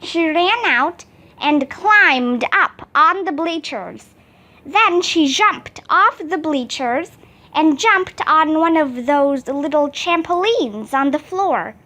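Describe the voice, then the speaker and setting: Woman, children's book read-aloud, expressive, high-pitched, lively intonation. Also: slow pace. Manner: expressive, animated reading. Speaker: storybook reader.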